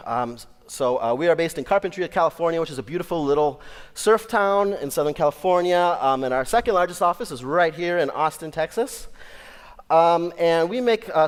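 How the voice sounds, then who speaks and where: A man giving a tech conference talk, upbeat and joking, with frequent ums. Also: fairly high pitch. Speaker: conference speaker. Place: large conference hall. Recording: hall reverb.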